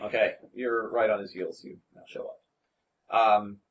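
A man narrating as game master of a tabletop game, halting with many ums and restarts. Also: lowish voice, fairly even intonation, fairly bright tone. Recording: dull lo-fi recording with faint hiss.

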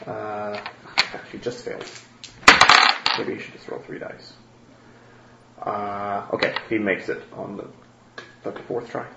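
A man's voice: fairly low pitch, level tone, slow, creaky, pauses often. A man narrating as game master, hesitant and full of fillers. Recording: roomy, dull, faint noise.

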